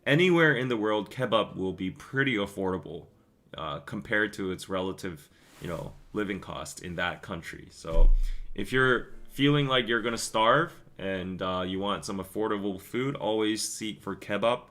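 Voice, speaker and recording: A young man hosting a live stream, chatting casually and rambling through stories and viewer comments with quick asides and laughs. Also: fairly low pitch, pushed and bright. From Korea. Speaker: podcast host reading live chat.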